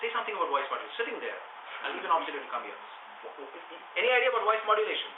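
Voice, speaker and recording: A man in his thirties leads a speaking workshop, coaxing and animated, with a somewhat high voice. He is caught from across an echoey room, the sound thin like a phone line with noise under it. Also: very fast, recorded from a distance. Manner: animated, coaxing, rises to a loud voice for stress. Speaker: public speaking trainer. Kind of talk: workshop teaching. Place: meeting room.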